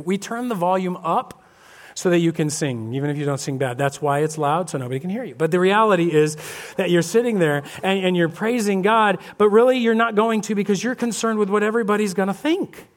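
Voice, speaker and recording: A man preaching a lively sermon as pastor, acting out little scenes and voices of churchgoers. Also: high voice, fairly quick. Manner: animated, acts out congregation voices. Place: church sanctuary.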